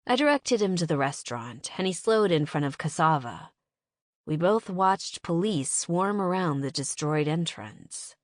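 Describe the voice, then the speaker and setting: A woman narrating an audiobook in the first person with measured, wry storytelling on a close studio mic. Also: sits low, sing-song, no room sound.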